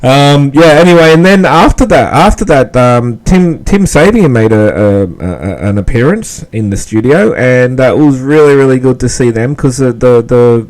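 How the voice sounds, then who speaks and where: A man's voice: mid-range voice, expressive, a little mellow, rough recording. A man with an Australian accent hosting a podcast, chatting casually and rambling with lots of fillers. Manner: rambling, halting with many fillers. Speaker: podcast host. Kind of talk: casual commentary.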